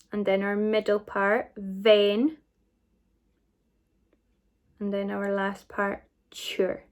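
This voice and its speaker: A woman with a Scottish accent teaching a recorded phonics lesson to children, sounding out words slowly and praising often. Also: mid-range voice, a little mellow. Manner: slow, clear, encouraging sounding-out. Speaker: primary school teacher.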